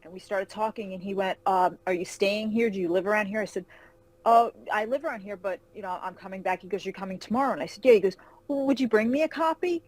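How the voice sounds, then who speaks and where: A woman novelist being interviewed over a video call, telling animated anecdotes and acting out quoted voices. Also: medium pitch, fast talker, poor audio. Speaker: fantasy novelist guest. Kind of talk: casual interview storytelling.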